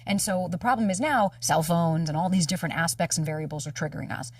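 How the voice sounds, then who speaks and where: A woman dating coach telling a personal story in candid conversation, animated and casually swearing as she acts out dialogue. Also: fairly low pitch, fast talker, husky, dry recording, recorded from a distance. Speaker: dating coach and podcast guest.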